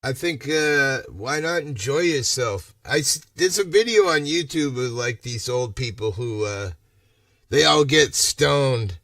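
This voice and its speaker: A man's voice: medium pitch, animated, a little slow, a bit bright, no echo, far from the mic. A man from Massachusetts chatting on a casual livestream, rambling and ranting with a lot of swearing. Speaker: livestream host.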